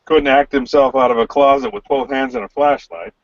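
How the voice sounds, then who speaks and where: A man's voice: medium pitch, a little fast, slight background noise. A man in a middle voice throws teasing wisecracks into casual live-stream chatter. The sound is muffled and lo-fi. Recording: dull lo-fi stream audio.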